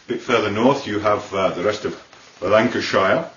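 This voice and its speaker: British man doing a deadpan comic monologue. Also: on the low side, normal speed. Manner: deadpan asides, keeps saying "okay". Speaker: comedian. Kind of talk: comic monologue touring accents. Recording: roomy, distant, dull lo-fi sound.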